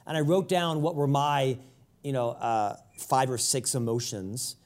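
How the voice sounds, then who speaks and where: A man's voice: mid-range voice, steady tone, measured pace. A man hosting a podcast, asking reflective questions with small fillers. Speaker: podcast host. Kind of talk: interview questions.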